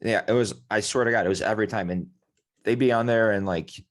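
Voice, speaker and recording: A man's voice: fairly low pitch, fast talker. A man hosting a casual sports podcast, rambling loosely, swearing and correcting himself as he goes. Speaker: podcast host.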